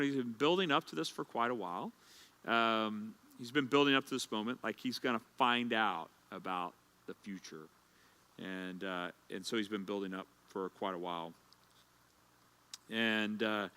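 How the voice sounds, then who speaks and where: A man's voice: medium pitch, pushed and bright, smooth. A male pastor teaching a Bible study in a conversational, anecdotal way, with frequent filler words.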